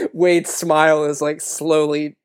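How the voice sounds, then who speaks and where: A woman co-hosting a comedy podcast, reading fan fiction aloud with dry, teasing asides. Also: sits low. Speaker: podcast co-host.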